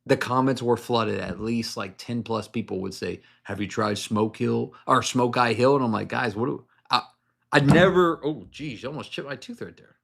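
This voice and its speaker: A man's voice: mid-range voice, moderate pace, vocal fry, few pauses, fairly bright tone. Man, casual livestream host, joking, rambling, handheld phone. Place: home, moving to a garage.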